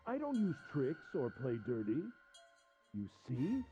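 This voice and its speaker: A man's voice: medium pitch, wildly swooping pitch, measured pace, mellow, dull audio, faint music behind, voice pushed up. A man voicing a cruel, mocking male villain who taunts his captive in a theatrical way. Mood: gloating, mocking.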